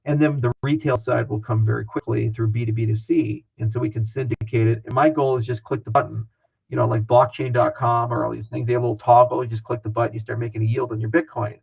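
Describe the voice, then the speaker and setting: A man speaking as an interview guest, talking fast and animated in a casual, profane way. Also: mid-range voice, gravelly, slightly rough, poor audio.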